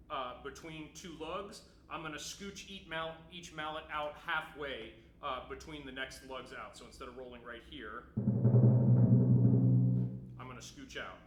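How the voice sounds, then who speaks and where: Here a man with a bright, slightly high voice teaches timpani as a percussion instructor, demonstrating on the instrument. He's patient and explanatory, frequently adding "right?" to check in, and the recording carries a roomy echo and faint noise.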